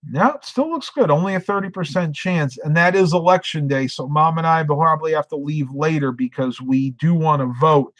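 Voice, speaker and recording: A man's voice: fairly high pitch, fairly even intonation, brisk, hardly any pauses, no room sound. Middle-aged man, drowsy late-night streamer, dry close sound. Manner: rambling, reads chat comments aloud. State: sleepy, yawning. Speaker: live streamer. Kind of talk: casual live stream chat.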